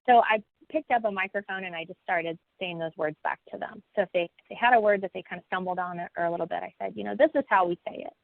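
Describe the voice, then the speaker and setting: A woman's voice: on the low side, fast, gravelly, hardly any pauses, dry recording. A woman who teaches college classes in the United States, speaking on a webinar panel in a folksy, conversational way with many fillers and restarts, heard over a video call. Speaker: college instructor. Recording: tinny phone-like, dry audio.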